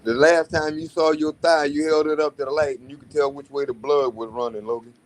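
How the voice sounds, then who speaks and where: A man's voice: a little high, level tone, a little fast. A man on a casual livestream, teasing a friend with roasting jokes.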